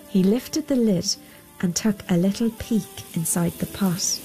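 A woman reading a folk tale aloud in a measured storytelling voice. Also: lowish voice, vocal fry, dark tone, faint music behind. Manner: slow and measured.

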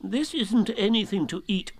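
A man's voice: high-pitched, animated, normal speed, voice pushed up. A man voicing a fussy, self-important old owl in a storybook reading, huffy and impatient.

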